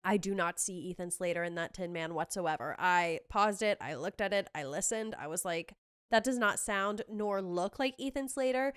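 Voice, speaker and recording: A woman hosting a podcast, chatting casually and gushing excitedly through a recap with quick asides. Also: lowish voice, clear, resonant tone. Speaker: podcast host. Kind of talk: casual chat recapping a trailer.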